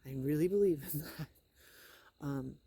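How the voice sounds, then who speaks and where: A middle-aged woman with a hoarse, sore throat, talking in a hesitant, rambling video diary with wry, matter-of-fact asides. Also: sits low, measured pace, dark tone, dry recording. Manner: hesitant, rambling, many fillers. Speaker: vlogger. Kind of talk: casual personal video diary.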